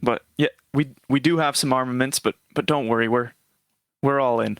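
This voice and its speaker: Man doing an elderly grandparent, bright and eager, gushing thanks. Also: medium pitch, steady tone, normal speed, clear, resonant tone, no room sound, lightly acted. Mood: reassuring. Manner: fawning, thanks people repeatedly. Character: old grandparent traveler, polite and overly grateful.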